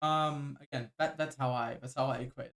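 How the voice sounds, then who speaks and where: A man's voice: medium pitch, steady tone, brisk, a bit bright. A man co-hosting a podcast, chatting casually and joking, explaining things through video game analogies. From Bangladesh. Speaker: podcast co-host. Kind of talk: casual chat.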